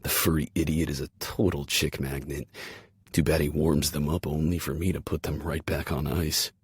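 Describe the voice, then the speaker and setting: A man's voice: very deep voice, flat delivery, moderate pace, husky, no echo. A man narrating a romance audiobook in the first person, in a dry and wry inner-monologue manner.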